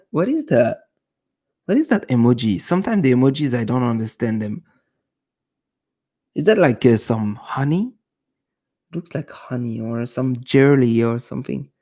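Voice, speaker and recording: A man's voice: mid-range voice, darkish tone. A young man hosting a live stream, chatting casually with his viewers and reading comments, laughing often between many fillers.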